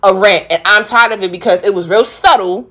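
A woman's voice: mid-range voice, a little fast, pushed and bright. Young female podcast host with a heavy New York accent. Casual, slangy, rowdy solo talk. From New York, the Bronx.

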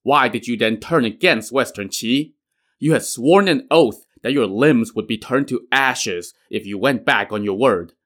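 A man's voice: mid-range voice, unhurried, a bit bright. A man voicing a stern, wrathful old male Taoist master who scolds and commands his pupil. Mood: scolding.

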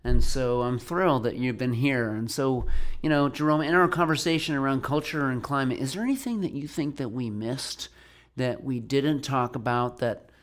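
Male podcast host, measured and reflective, mid-pitched voice. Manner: measured, reflective, thanks the guest at length. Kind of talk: podcast interview.

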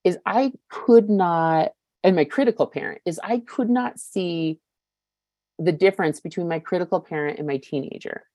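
A woman's voice: low-pitched, darkish tone, dry recording. A woman in her fifties giving a personal recovery share, candid and searching, with many fillers and casual swearing. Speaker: recovery meeting speaker.

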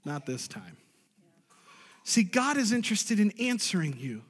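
A pastor preaching to his congregation in a high, lively voice, his words ringing through a reverberant church sanctuary. He shifts between quiet, slowed passages and sudden loud, high-pitched bursts of excitement. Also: breathy edge. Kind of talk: sermon.

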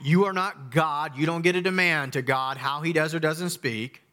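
A middle-aged pastor delivers a sermon in a slightly high voice. He's emphatic, using dramatic pauses and abrupt drops into quiet.

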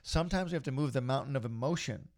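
A middle-aged man hosts a podcast in casual conversation. His voice has a gravelly texture at a medium pitch. He rambles a little, upbeat and motivational. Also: fast talker. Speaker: podcast host.

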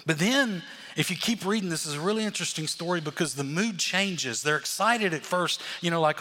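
A man preaching a sermon as pastor, animated, acting out the crowd's voices. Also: fairly high pitch, normal speed, in a large hall.

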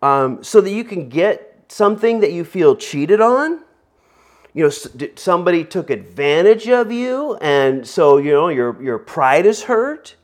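A man's voice: high-pitched, big pitch swings, measured pace. A man preaching a conversational sermon in a rambling way, full of fillers, asides and jokes. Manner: rambling, filler-heavy, joking.

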